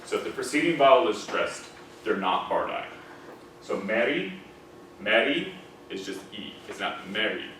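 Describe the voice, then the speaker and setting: A man's voice: fairly low pitch, expressive, moderate pace, fairly bright tone. Man teaching diction, checking understanding often. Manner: conversational, checks understanding with frequent "okay?" and "right?"; demonstrates vowel sounds aloud. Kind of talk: classroom lecture on British received pronunciation for singers. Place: classroom. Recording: echoey room, mic far off, faint noise.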